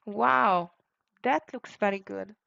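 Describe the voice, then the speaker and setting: Speaking slowly with vocal fry, a medium-pitched woman sounds pushed and bright as she talks through her stock trades live. The day-trading stream audio is dull and lo-fi, and her commentary carries frequent fillers and disappointed sighs.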